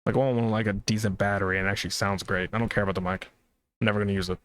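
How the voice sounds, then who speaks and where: A man with a lowish voice chats casually on a live gaming stream. He rambles through his thoughts, swears freely and addresses the viewers directly. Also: fairly even intonation, rapid-fire, fairly bright tone.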